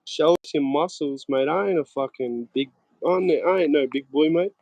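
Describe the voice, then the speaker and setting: A man's voice: fairly high pitch, moderate pace, a little mellow, no room sound. A young Australian man in casual chat on a live stream, laid-back, laughing often and swearing freely, talking into his phone. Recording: faint noise and clicks.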